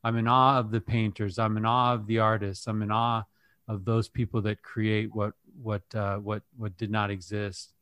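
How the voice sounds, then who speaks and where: A man's voice: lowish voice, level tone, normal speed, a bit bright, dry recording. A man hosting a podcast, asking reflective questions and often restarting his words as he thinks. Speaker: podcast host. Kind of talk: podcast interview.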